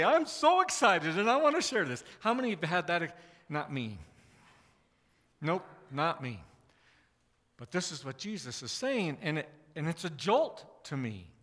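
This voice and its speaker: Guy preaching, high bright voice, chatty and self-deprecating, lots of restarts, long church echo. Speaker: pastor. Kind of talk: sermon. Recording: long reverb of a church hall.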